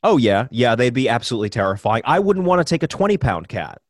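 A man's voice: medium pitch, big pitch swings, fast, no room sound, clean studio sound. A man co-hosting a podcast, bantering in a playful, teasing way. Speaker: podcast co-host. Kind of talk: casual comedic chat.

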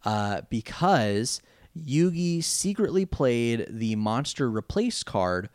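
A man's voice: mid-range voice, big pitch swings, takes it slowly, a little mellow, no room sound. Man, casual podcast chat, rambling, jokey, fillers, dry close sound. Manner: rambling and jokey, with many fillers and mock voices. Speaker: podcast co-host recapping an anime.

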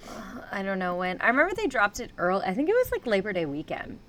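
A woman's voice: medium pitch, very animated, fast, a bit bright, a little hiss or hum. A woman co-hosting a podcast, telling stories casually in a rambling, hedging way. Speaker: podcast co-host. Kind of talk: casual chat.

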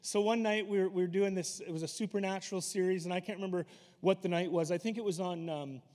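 A man's voice: high voice, fairly even intonation, fast talker, a little mellow. A man preaching a sermon in a loose, conversational way, telling stories with asides. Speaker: pastor. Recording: long hall reverb.

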